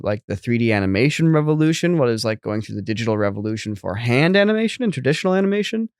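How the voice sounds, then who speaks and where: A man's voice: mid-range voice, dry recording, clean studio sound. A man in his thirties co-hosting a podcast in casual chat, rambling with lots of fillers. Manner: rambling, many fillers and restarts. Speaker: podcast co-host.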